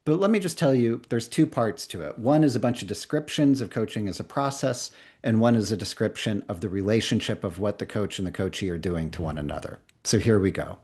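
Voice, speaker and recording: Low-voiced man teaching an online workshop. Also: a little mellow, husky. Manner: conversational, playful, reads slowly for dictation. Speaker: coaching trainer. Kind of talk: live online workshop instruction.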